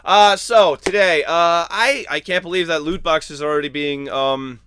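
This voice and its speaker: A man's voice: fairly high pitch, moderate pace, a bit bright, smooth, dry recording. A man from the United States hosting a gaming news show, moving from a scripted read into rambling, self-deprecating casual chat.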